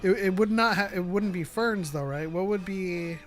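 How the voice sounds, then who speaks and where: A man's voice: sits high, normal speed, faint music behind. A man co-hosting a casual chat podcast, playful and laughing often. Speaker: podcast co-host.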